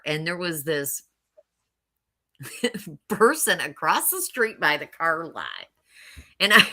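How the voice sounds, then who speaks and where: A woman's voice: low-pitched, bright, forceful tone. A middle-aged woman telling her life story casually and candidly, often laughing wryly. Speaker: mother telling her testimony.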